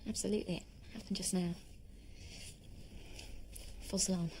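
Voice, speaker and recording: An actress playing a young wife gently telling her husband she is not pregnant. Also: on the low side, steady tone, normal speed, breathy edge. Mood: apologetic. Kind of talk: TV drama acting.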